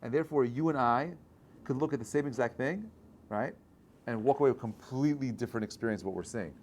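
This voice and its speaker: Man, rabbi, Torah class, conversational, animated, mid pitch. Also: fast, slight background noise. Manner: conversational, checks in with frequent "right?"; animated, builds to loud bursts. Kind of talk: informal Torah class talk.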